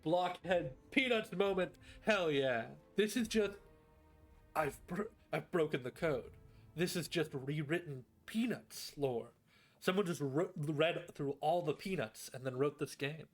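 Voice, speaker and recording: A man streams a role-playing game and chats in joking, loose asides, his voice sitting fairly high for a man. Game music plays faintly behind him. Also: unhurried. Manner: joking, chatty asides with laughter. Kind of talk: casual gaming stream chat.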